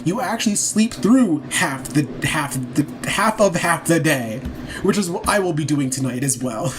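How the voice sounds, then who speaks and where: A man casually comments on a game as he plays, joking and reacting with bursts of laughter. His voice sits a little high. Game music plays clearly behind him. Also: lively intonation, moderate pace, rough recording. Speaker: streamer.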